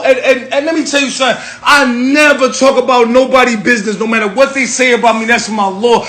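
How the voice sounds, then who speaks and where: A man in an emotional rant, furious and tearful, shouting profanity. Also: extremely high pitch.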